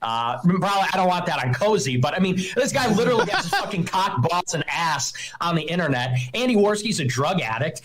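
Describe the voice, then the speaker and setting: A man's voice: fairly high pitch, big pitch swings, fairly quick, hardly any pauses, a crowd in the background. A young man hosting a live stream, ranting in a scornful, mocking and profane way. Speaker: streamer host. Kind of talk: heated live-stream rant.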